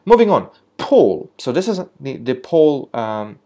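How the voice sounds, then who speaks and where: A man's voice: mid-range voice, very animated, a little slow, dark tone. Hesitant man rating coffee shops. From lives in London. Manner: hesitant, many fillers and restarts, rising energy on "moving on". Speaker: coffee reviewer. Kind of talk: casual talk to camera, ranking coffee shops.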